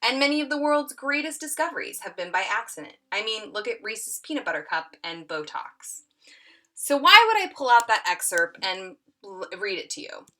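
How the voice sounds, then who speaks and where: Lively, expressive woman teacher. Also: medium pitch. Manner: lively, expressive reading with acted-out quotes. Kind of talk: tutorial reading aloud.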